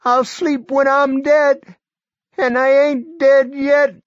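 A man voicing a feverish sick man with a hoarse, clotted voice, strained and urgent. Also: little pitch movement, takes it slowly, no room sound, highs cut off. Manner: high strained near-shouting.

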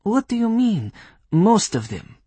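A man's voice: high voice, big pitch swings, a little slow, warm tone, breathy edge, dry recording, voice pushed up, full character voice. Man voicing a stern Polish-accented witch woman. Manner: clipped, formal, scolding. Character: stern woman witch leader, commanding and dry.

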